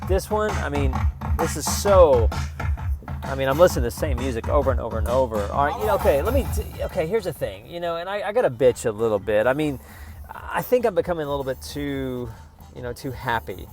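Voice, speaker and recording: Man, mid pitch, profane rambling rant, faint music behind. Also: animated, fairly quick. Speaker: vlogger. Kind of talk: casual rant to camera.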